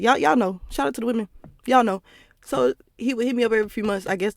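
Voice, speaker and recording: This young woman hosts a podcast she records at home, telling personal stories in a rambling, casual monologue peppered with profanity and laughing asides. Her voice sits in the mid-range, and the recording is clean studio sound with no echo.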